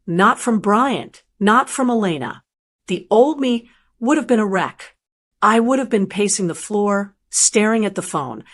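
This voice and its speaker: A woman narrating a first-person family story aloud in a calm, measured, reflective way. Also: medium pitch.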